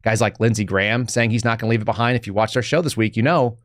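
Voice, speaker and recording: A man's voice: lowish voice, fast, no echo, clean studio sound. A man hosting a live podcast, giving casual political commentary in a sarcastic, rambling way with joking asides. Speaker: podcast host.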